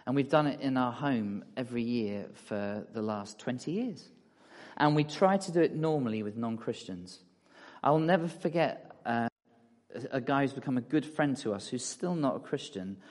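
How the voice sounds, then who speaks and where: A middle-aged man giving a relaxed, chatty talk in a church hall, full of fillers and asides to the audience. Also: medium pitch. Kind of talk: conversational sermon with slides. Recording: long hall reverb.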